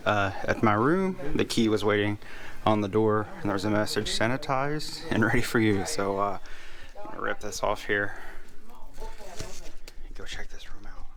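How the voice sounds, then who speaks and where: Gushing excited vlogger man. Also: on the low side, normal speed, a crowd in the background. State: out of breath. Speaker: travel vlogger. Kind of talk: excited casual vlog. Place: outdoors on a pier, then a cruise ship.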